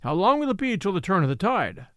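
A man voicing an excitable elderly male house steward who pleads urgently. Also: sits high, quick pace, no echo, studio quality. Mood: urgent pleading.

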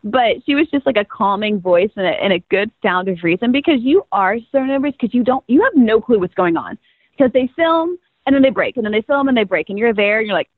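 Laughing readily, a twenty-something rookie pro cheerleader chats through her story as an interview guest, her slightly high voice expressive and brisk. The tinny, phone-like audio is dry, with no echo or room sound.

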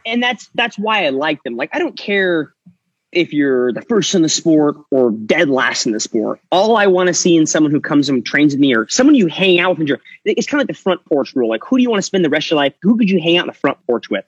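A man's voice: fairly high pitch, sing-song, quick pace, breathy edge, no room sound. A man in his thirties, a podcast guest, talking in a chatty, jokey way with lots of fillers. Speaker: podcast guest, retired athlete. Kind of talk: casual chat. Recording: dull dry lo-fi remote audio.

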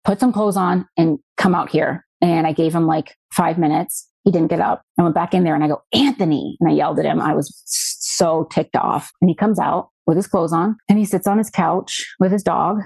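A young adult woman with a low, dark voice, gravelly with vocal fry and a husky edge. She retells events quickly as a podcast guest, piling up fillers and acted-out lines of dialogue. The room sound is dry and close. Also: steady tone, dry recording, low-quality recording. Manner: rapid, tumbling retelling with many likes and quoted dialogue. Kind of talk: personal storytelling in conversation.

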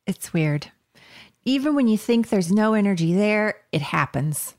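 A woman co-hosting a podcast over a video call, chatting casually with quick asides and frequent laughs. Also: medium pitch, expressive, darkish tone. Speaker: podcast co-host. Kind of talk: casual chat.

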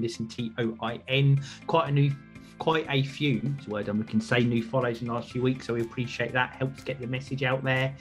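A man hosting a podcast, chatting casually and rambling with restarts. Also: mid-range voice. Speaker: podcast host.

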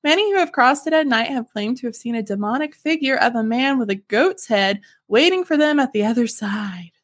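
A woman's voice: fairly high pitch, animated, a little fast. A woman from Texas co-hosting a casual podcast, reading listener emails aloud and chatting, giggly and swearing casually. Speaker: podcast co-host.

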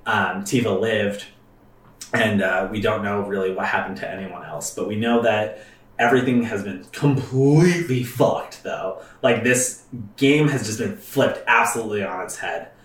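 Low-voiced man rambling on a game. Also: moderate pace, fairly bright tone, roomy sound, far from the mic. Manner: rambling, lots of fillers and swearing. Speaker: let's-play host. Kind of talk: casual gaming commentary.

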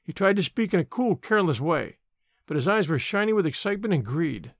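High, lively male storyteller. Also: a little fast, no room sound, studio quality. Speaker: audiobook narrator. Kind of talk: first-person storytelling.

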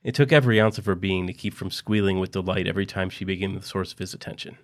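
A man narrating a story in a quiet, even reading voice. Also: low voice, fast.

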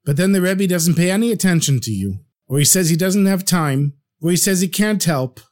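A man's voice: sits high, expressive, a little fast, darkish tone, pitched above the performer's own voice. A man voicing a frustrated middle-aged wife in a storytelling podcast, fed up and pleading with her husband. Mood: exasperated.

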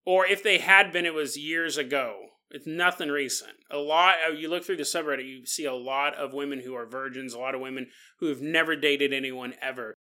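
A man's voice: fairly high pitch, fairly quick, few pauses, bright, forceful tone. A man hosting a solo podcast in a casual monologue, laughing often and acting out the people he quotes. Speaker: podcast host.

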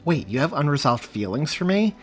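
An awkward young man, hesitant and hopeful, as the male reader does him. His questions rise with animated pitch. A storybook character read aloud. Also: fairly quick, soft background music.

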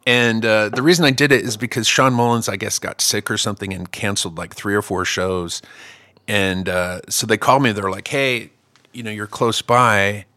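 A man's voice: fairly low pitch, steady tone, a little fast, sharp tone, no room sound. A middle-aged man hosting a podcast, telling stories in a profane, joking way and acting out both sides of each conversation. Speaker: musician and podcast host. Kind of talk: casual storytelling chat.

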